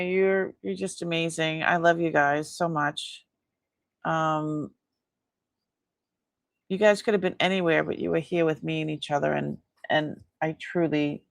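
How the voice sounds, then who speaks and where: Tired woman host, gravelly, dry close sound, rambling live-stream chat. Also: lowish voice, dry recording. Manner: chatty, rambling, laughs often. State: tired, yawning. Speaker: host selling antiques in a live sale.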